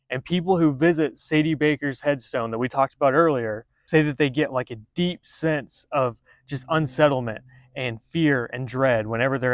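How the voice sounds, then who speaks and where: A man's voice: medium pitch, no room sound. Sarcastic male storyteller, dry close sound. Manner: sarcastic, profane, chatty. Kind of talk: casual storytime narration.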